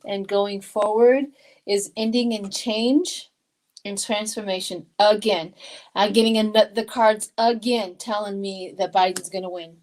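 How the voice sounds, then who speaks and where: A woman's voice: medium pitch, fairly even intonation, a little slow, a little mellow, rough recording. An older woman from Colorado giving a live tarot reading in an emotional, chatty way, reading viewer comments aloud. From Colorado, USA. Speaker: tarot reader.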